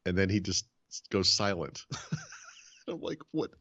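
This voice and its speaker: A man with a low voice chats casually on a podcast, swinging his pitch widely as he tells a story. He acts out the other people's lines as he goes. The recording sounds a little dull and lo-fi. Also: takes it slowly, creaky, breathy edge. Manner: animated storyteller, acts out quoted dialogue. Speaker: podcast host.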